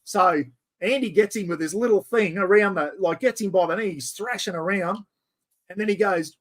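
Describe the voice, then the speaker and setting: An Australian man in middle age hosts a casual chat with a slightly raised pitch. He tells his stories in an animated, yarn-spinning way. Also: normal speed. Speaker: host.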